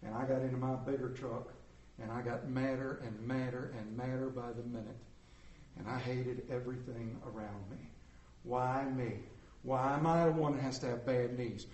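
A man preaching a candid, humorous sermon, swinging from loud jokes to quiet confession. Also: medium pitch, moderate pace, reverberant. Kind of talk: conversational sermon.

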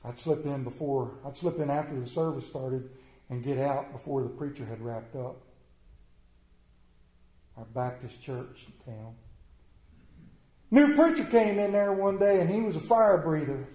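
A man voicing a humble older mountain man who quietly recounts a hard childhood, speaking low and confiding. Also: reverberant, natural voice, rough recording. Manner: low, hushed, confiding storytelling.

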